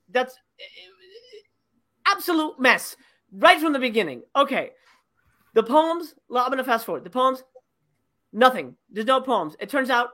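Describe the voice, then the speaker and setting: A woman's voice: high voice, expressive, normal speed, pauses often, fairly bright tone. Exasperated profane woman ranting. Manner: exasperated, profane, acts out scenes in mocking voices. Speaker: podcast co-host reviewing a movie. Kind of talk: casual podcast chat.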